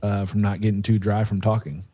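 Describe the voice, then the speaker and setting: A man hosting a casual podcast, asking questions in a relaxed, hesitant way with many fillers. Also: lowish voice, brisk, slight background noise. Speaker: podcast host.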